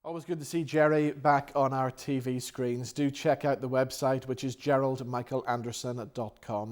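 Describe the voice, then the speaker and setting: A man hosting a TV interview show, asking short questions and reading a brisk scripted sign-off. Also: medium pitch, steady tone. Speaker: TV show host.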